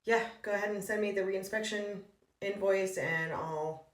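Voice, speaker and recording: A woman real estate broker acting out a comedic reenactment of her phone calls, talking in a brisk, polite, businesslike way. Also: medium pitch, steady tone, reverberant, far from the mic.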